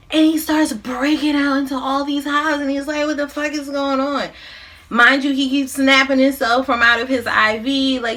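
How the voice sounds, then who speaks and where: A woman's voice: high-pitched, a bit bright. A woman in her thirties, a mukbang vlogger, casually recapping a movie plot while she eats, in a loose, profane, slangy way.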